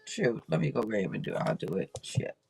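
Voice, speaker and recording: A woman hosting a live tarot reading stream, talking in an excitable, rambling way and swearing casually. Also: rumbling low, fairly quick, vocal fry, breathy edge, soft background music, rough recording.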